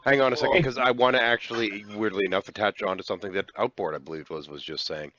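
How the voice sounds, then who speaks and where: A man's voice: on the low side, fast, fairly bright tone, highs cut off. A man chatting in an online group call, wry and sarcastic, with rambling asides. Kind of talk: casual group voice chat.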